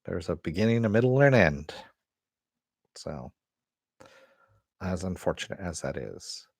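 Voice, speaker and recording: A man's voice: low-pitched, lively intonation, unhurried, vocal fry, breathy edge, no room sound, clean studio sound. A middle-aged man hosting a casual live stream, rambling and swearing as he answers viewers. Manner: rambling, profane, restarts often. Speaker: host.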